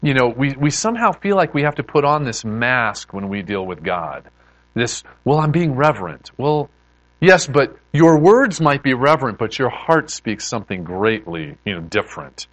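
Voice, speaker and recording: A man preaching in a relaxed, chatty way, often stopping to restart a sentence. His pitch swings widely as he talks. The sound is dry and close, with no room echo. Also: normal speed. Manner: animated, conversational preaching with many restarts. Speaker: pastor. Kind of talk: sermon.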